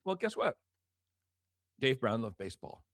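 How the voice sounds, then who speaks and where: A man's voice: medium pitch, normal speed, no room sound, studio quality. An older man, a former record promotion executive, telling stories as an interview guest, acting out dialogue with many restarts. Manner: animated storyteller, acts out quoted dialogue, many restarts. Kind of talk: storytelling interview talk.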